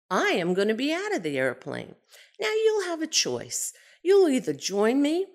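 A woman quoting a calm, matter-of-fact pilot. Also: high voice. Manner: calm, even, straight-faced.

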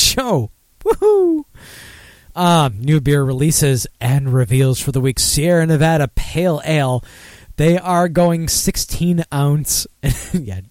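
A man hosting a casual beer podcast, rambling, excitable and quick to laugh as he goes through new releases. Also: on the high side, no room sound. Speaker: podcast host.

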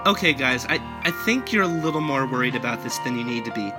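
A man playing a gentle, reassuring male children's TV host in a comedy skit. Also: medium pitch, animated, quick pace, over music, close to an everyday voice.

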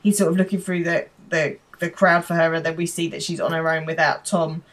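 A woman co-hosting a podcast, narrating the scenes of a TV episode in a relaxed chat. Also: fairly low pitch, a little fast, distant mic, low-quality recording. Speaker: podcast co-host. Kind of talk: casual chat recapping a TV episode.

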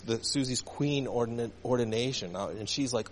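Speaking fast with hardly any pauses, a male pastor with a mid-range voice delivers a call-and-response sermon to his congregation. His emphasis rises and falls, and the recording has the reverb of a church hall in the sanctuary.

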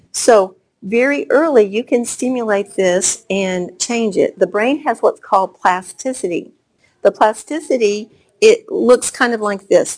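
A woman presenting to homeschooling parents, explaining child brain development and telling stories that she acts out. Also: mid-range voice. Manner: warm storytelling with acted-out quotes. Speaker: speaker on gifted children's development.

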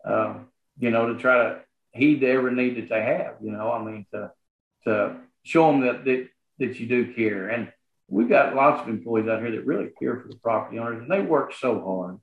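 Southern guy being interviewed, earnest, lots of uhs and restarts, tinny echoey sound. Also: mid-range voice. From Arkansas, USA. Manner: earnest, halting, many fillers and restarts. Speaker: guest, property association manager. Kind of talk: casual interview talk. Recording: roomy, phone-like sound.

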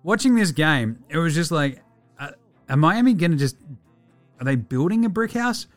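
An Australian man hosting a casual sports podcast, animated, swearing freely and laughing often. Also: fairly high pitch, normal speed, no echo, soft background music. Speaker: podcast host.

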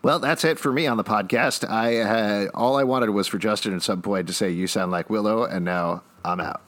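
Relaxed man recapping an episode. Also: lowish voice, normal speed. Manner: relaxed, recapping plot with dry asides. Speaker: podcast host. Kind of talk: casual podcast chat recapping a TV episode.

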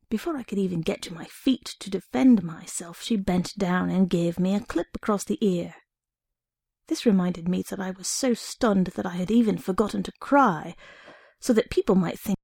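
A woman reading a short story aloud in the first person, steady and wry. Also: medium pitch, gravelly, husky, dry recording, studio quality. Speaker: reader.

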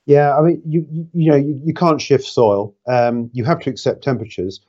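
Mellow-voiced male business interviewer. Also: mid-range voice, fairly even intonation, moderate pace, lo-fi sound. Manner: probing, conversational, hesitant fillers.

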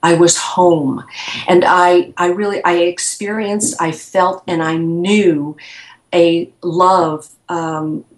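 A woman guest slowly and reflectively recounting a personal experience in an interview. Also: lowish voice, fairly even intonation, echoey room.

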